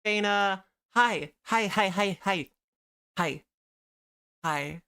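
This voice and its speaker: Chatty streamer drawing on a livestream, smooth clear voice, mid pitch, lots of little asides. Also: very slow, pushed and bright. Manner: chatty, greets viewers by name, rambling asides. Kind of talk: casual livestream chat while drawing.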